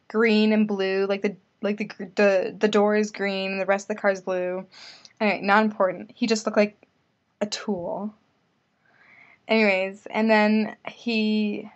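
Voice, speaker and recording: A woman's voice: mid-range voice, dull audio. A young woman telling a casual vlog story, chatty and full of "like" fillers. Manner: chatty, filler-heavy with lots of "like". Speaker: vlogger.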